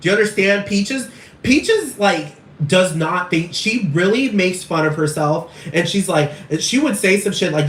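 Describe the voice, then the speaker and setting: A man's voice: high-pitched, lively intonation, a little slow, a bit bright. Rambling man ranting far from the mic. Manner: rambling, repetitive and profane. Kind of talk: casual ranting monologue. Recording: echoey room, far from mic, faint noise.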